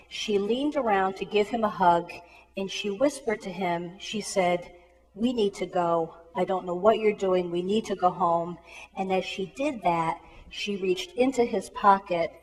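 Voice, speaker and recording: A woman who works in an emergency room tells a cautionary story to students. She acts out the dialogue of the people in it. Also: mid-range voice. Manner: earnest storytelling with acted-out dialogue. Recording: long reverb of a big hall.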